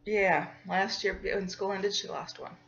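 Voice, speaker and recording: Woman host, mid-pitched, chatty and quick to laugh, dull lo-fi recording. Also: fairly even intonation, gravelly, fairly bright tone, slight background noise. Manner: chatty, laughs often, acts out voices in her stories. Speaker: podcast host. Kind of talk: casual storytelling monologue.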